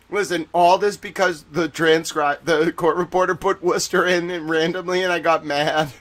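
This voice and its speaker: A man's voice: on the high side, a little slow. Profane, ranting Boston-accented man. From Boston, Massachusetts. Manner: profane, ranting, heavy swearing; animated, jokey, laughs often. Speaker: livestream host. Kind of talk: casual livestream chat.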